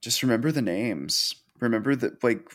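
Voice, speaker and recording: A man's voice: mid-range voice, lively intonation, normal speed, a bit bright. A man co-hosting a podcast, retelling a horror story in casual, sardonic, profane chat. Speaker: podcast co-host.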